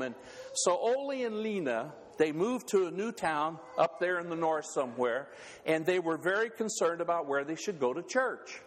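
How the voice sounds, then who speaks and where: A man preaching a sermon in an earnest, halting way, often restarting his words. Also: fairly high pitch, animated, a little hiss or hum. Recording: long reverb of a church hall.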